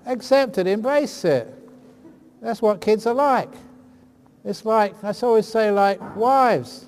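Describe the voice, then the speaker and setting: A man's voice: sits high, expressive, takes it slowly, darkish tone, smooth. A man who is a Buddhist monk, answering audience questions with jokes and anecdotes. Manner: joking, anecdotal storyteller. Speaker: Buddhist monk giving a dharma talk. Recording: long hall reverb, faint ambient noise.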